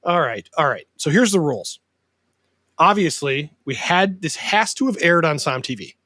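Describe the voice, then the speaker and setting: A man's voice: on the high side, expressive, normal speed, dry recording. Man hosting a casual podcast, dry sound. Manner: warm, joking, openly sentimental. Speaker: podcast host.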